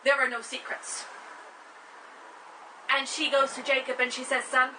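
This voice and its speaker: A chatty woman with a bright, fairly high voice, retelling an old story in a wry, animated way. She sits a little back from the mic, with faint room noise behind her. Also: a little slow, far from the mic, low-quality recording. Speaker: host. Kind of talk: casual comedic retelling.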